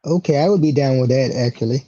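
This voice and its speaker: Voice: medium pitch, fast talker, dark tone. A podcast co-host chatting casually about wrestling, stammering and laughing a lot. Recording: dull, muffled mic.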